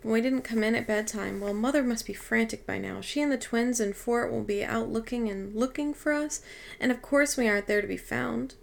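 A woman's voice: on the high side, fairly quick, gravelly. Woman reader doing an anxious, plaintive girl, audiobook. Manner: plaintive, worried. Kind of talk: audiobook reading.

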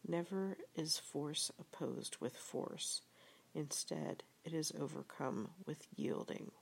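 A woman reading an audiobook in calm, measured scripted narration. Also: sits low, vocal fry, slightly rough. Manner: calm, measured, even storytelling.

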